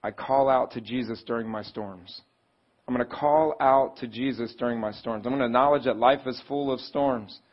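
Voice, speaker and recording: Over dull audio, a male pastor preaches a sermon at a normal speed, keeping it conversational. He poses questions to the congregation and acts out pleading voices, his pitch rising.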